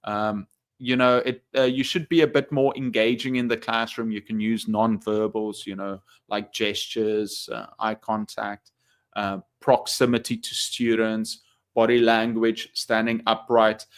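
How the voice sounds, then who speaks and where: A man's voice: fairly low pitch, level tone, measured pace, no room sound, clean studio sound. A man teaching English on a live stream, chatting loosely and reading viewer comments aloud, full of fillers and restarts. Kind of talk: casual live-stream chat.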